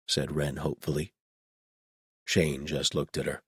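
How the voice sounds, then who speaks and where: A man narrating an audiobook in even, measured storytelling. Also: very deep voice, breathy edge, dry recording, studio quality.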